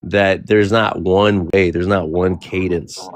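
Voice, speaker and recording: A man's voice: low voice, little pitch movement, takes it slowly. A man whose first language is Spanish, talking in a rambling, casual way on an online panel discussion and often restarting his sentences. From United States, near the Bay Area. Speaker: panel participant.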